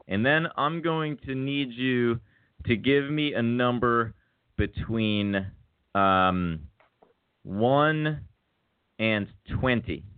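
Guy rambling jokes on a comedy podcast, dry phone-line sound, pitch all over. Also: extremely slow, clean tone, no room sound. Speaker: podcast co-host. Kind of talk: comedic casual chat.

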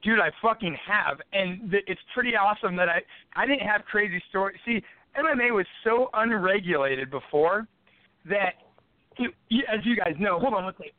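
A high, quick voice from a man who swears freely as he rambles through his stories. It comes through a thin, tinny phone line with no room sound at all. He sounds like a guest spinning tales on a podcast. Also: dry recording. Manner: profane, rambling, rapid-fire. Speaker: podcast guest, former fighter. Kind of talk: casual storytelling.

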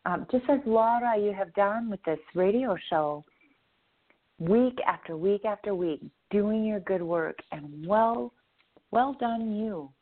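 A woman's voice: mid-range voice, animated, measured pace. A woman co-hosting a radio show as a rune reader, musing earnestly on spiritual ideas. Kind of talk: reflective radio talk. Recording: tinny phone line.

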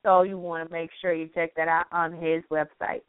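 A woman co-hosting a late-night radio talk show, chatting casually and reading shout-outs. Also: low voice, flat delivery, moderate pace, clear, resonant tone, no room sound. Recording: dry phone-line sound.

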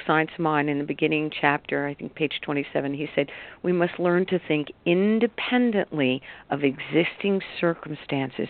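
A woman coach on a radio talk show, telling a personal story in an animated, rambling way with bursts of excitement. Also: fairly low pitch. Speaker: life coach guest. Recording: tinny phone line.

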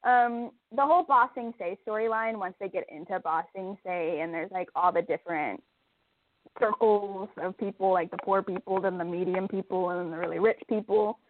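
A woman co-hosting a casual chat, animated and emphatic, laughing often and getting heated. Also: mid-range voice, moderate pace. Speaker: podcast co-host. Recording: tinny phone-like line, dry.

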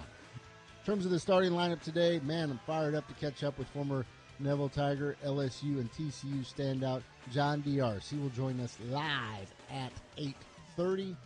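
A man over forty hosting a morning sports talk radio show, briskly reading scores and rundowns. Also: medium pitch, a little mellow.

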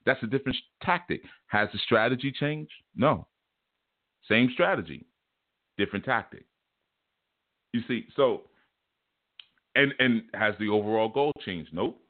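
A man's voice: mid-range voice, lively intonation, a little slow, pauses often, no echo. A man giving an informal spiritual teaching, folksy and colloquial, illustrating his points with homespun stories. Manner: folksy, chuckling, colloquial storytelling. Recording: tinny phone-like dry recording.

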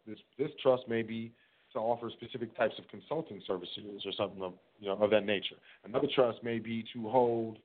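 Male host, lowish voice, casual rambling monologue, tinny phone-quality audio. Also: fairly even intonation, a little fast. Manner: rambling, repeats words, acts out dialogues. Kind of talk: casual solo talk.

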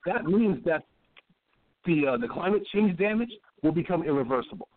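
Man, slightly high voice, lively pitch, explanatory casual chat, phone-like sound. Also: moderate pace, dry recording. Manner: explaining, stammering restarts. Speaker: podcast co-host.

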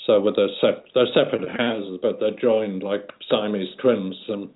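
An older man with a light Liverpool accent speaks in a low, unhurried voice, full of restarts and ums. He sounds like a guest being interviewed. The sound is tinny, like a phone line. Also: steady tone. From Liverpool, England. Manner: unhurried, many fillers and restarts. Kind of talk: casual interview reminiscence.

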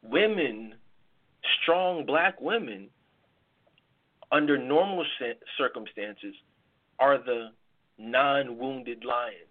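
This podcast host and life coach speaks extremely slowly in a mid-range voice, with long pauses. Recorded tinny and phone-like at a live taping, he offers emphatic relationship advice built on analogies and repeated words.

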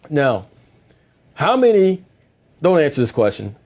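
A middle-aged man delivers a conversational sermon in a calm, plain-spoken way, frequently repeating himself and restarting phrases. His voice is a little high and his pace slow.

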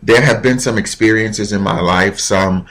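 A man hosting his own show, talking in a reflective, heartfelt monologue with pauses and fillers. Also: lowish voice, a bit bright. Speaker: podcast host.

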